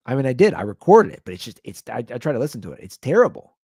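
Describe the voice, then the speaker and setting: A man's voice: mid-range voice, sing-song, rapid-fire, a little mellow, breathy edge, no room sound, studio quality. A man hosting a podcast, telling a comic story in a rambling, loose, casually profane way. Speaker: podcast host. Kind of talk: casual comedic storytelling rant.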